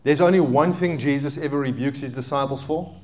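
Speaking briskly at medium pitch, this thirty-something pastor delivers an animated sermon. His volume rises to loud, emphatic highs, then falls into quiet asides.

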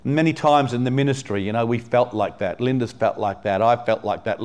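A man's voice: medium pitch, fairly quick, a little mellow. A man from England preaching a sermon to a congregation in a church, talking casually with lots of "you know" and questions to the people in front of him. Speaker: pastor.

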